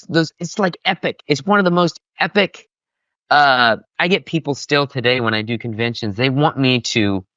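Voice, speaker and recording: A man, a voice actor guest, chatting casually and enthusiastically in an interview, with animated, expressive delivery. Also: mid-range voice, no echo, highs cut off.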